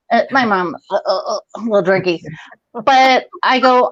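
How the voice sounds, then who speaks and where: A woman in her forties on a video call, telling a rambling, profane story in a casual, animated way. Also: on the high side, moderate pace, no echo, muffled recording. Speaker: guest comedian.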